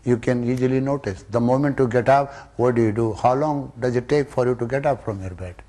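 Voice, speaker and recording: A man giving a spiritual discourse to students, emphatic and full of rhetorical questions, jumping from loud rises to soft drops. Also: mid-range voice, a little fast. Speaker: spiritual teacher.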